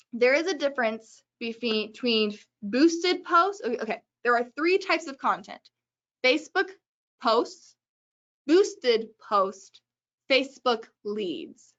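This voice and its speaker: Brief: woman webinar host, slightly high voice, chatty and joking, dull lo-fi stream sound. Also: a bit bright. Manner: chatty, joking, brisk advice. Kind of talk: casual webinar talk.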